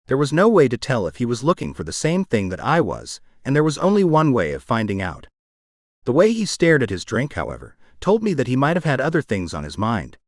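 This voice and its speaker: Expressive male audiobook narrator. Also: medium pitch, brisk, no echo, clean studio sound. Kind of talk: first-person scripted narration.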